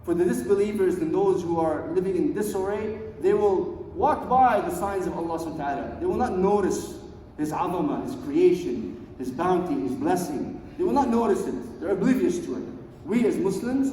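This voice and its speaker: A man preaching a sermon, swinging between hushed low lines and loud emphatic ones, and reciting verses quickly in a chanting tone. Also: slight background noise. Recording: echoey hall, voice far from mic.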